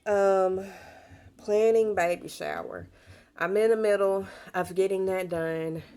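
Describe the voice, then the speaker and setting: A young adult woman chatting casually to camera as a pregnant vlogger, telling stories in a warm, talkative way with bits of Southern slang. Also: mid-range voice, steady tone, takes it slowly, clear, resonant tone.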